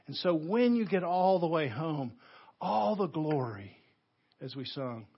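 A slightly high, husky male voice with a Southern US accent, preaching a sermon in a church. He swings between hard stresses and slow, quiet phrases. The recording sounds dull and muffled. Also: expressive. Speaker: pastor. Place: church sanctuary.

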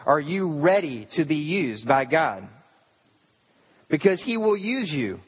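Male pastor, slightly high voice, conversational sermon, long hall reverb, dull lo-fi recording. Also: big pitch swings, slow, slightly rough. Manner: conversational preaching with rhetorical questions. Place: church sanctuary.

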